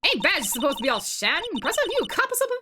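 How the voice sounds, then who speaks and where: A woman voicing a brash, quick-tempered southern woman photographer with a put-on Southern drawl and a loud, scolding manner. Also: very high-pitched, big pitch swings, background noise, voice pushed up. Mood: sassy. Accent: put-on American Southern drawl. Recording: loud game music behind.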